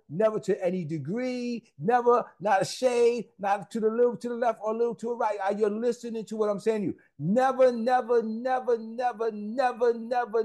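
High-voiced fervent man preaching. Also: a little mellow. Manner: emphatic, repetitive, rising into fervent repetition; conversational asides to the congregation. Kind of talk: sermon.

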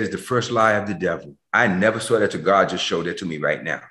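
A man preaching a sermon as pastor over a video call, emotional, swinging between shouted questions and low, quiet lines. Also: a little fast, hardly any pauses, echoey room.

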